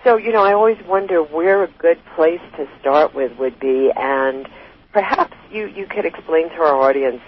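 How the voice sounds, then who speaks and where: A man's voice: a little high, highs cut off, a little hiss or hum. A man hosting a talk show, reading out a long guest introduction and then asking questions in an earnest way.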